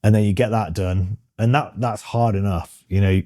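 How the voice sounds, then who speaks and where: Low, dark-voiced British man, frank and rambling. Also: steady tone, moderate pace, dry recording, studio quality. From Britain. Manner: rambling and frank, many ums and restarts. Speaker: interview guest. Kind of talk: casual interview chat.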